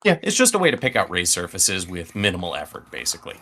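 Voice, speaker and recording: Deep-voiced man explaining painting technique. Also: huge pitch swings, fast, sharp tone. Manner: explains steps patiently. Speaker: painting stream host. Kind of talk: casual instructional chat.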